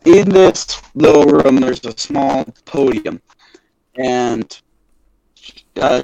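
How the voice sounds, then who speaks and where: A young man narrating a tabletop game as game master, halting with many fillers and restarts. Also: medium pitch, creaky, darkish tone, dry recording, low-quality recording.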